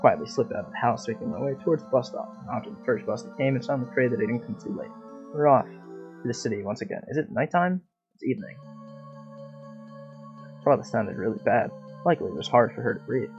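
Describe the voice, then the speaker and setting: Brief: gamer reading a story game aloud, expressive with swearing asides, gravelly, lively pitch; dull lo-fi sound with faint game music. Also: male voice, quick pace.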